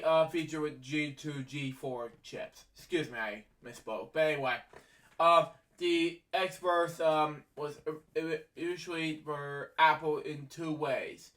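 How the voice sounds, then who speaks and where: A young man reading facts aloud in a halting way, stumbling over words, full of ums and apologies for misspeaking, recorded from a distance. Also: fairly high pitch, a bit bright. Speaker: amateur video maker reading facts aloud. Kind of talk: halting read-aloud narration. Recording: voice from a distance from the mic.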